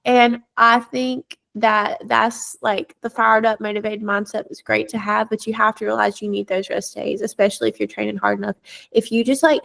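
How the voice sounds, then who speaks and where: Young woman coach, gravelly fry, chatty casual podcast talk. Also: mid-range voice. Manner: chatty, lots of "like" fillers. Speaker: fitness coach.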